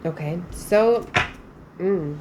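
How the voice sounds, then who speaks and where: A woman's voice: fairly low pitch, very slow, warm tone, a little hiss or hum. A woman giving a casual spiritual tarot reading, chatty and emphatic, with frequent fillers. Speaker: tarot reader.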